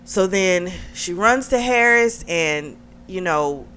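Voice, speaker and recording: A woman reviewing a book, retelling the plot in a chatty, animated way and often saying "like". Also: on the low side, slow, slight background noise. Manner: chatty and animated, heavy use of "like", laughs often. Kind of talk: casual plot recap.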